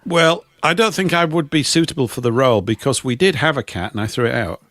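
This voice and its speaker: A man's voice: mid-range voice, expressive, fast talker, a bit bright, no echo. A middle-aged man from England telling rambling anecdotes in casual chat with a dry, self-mocking manner. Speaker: co-host.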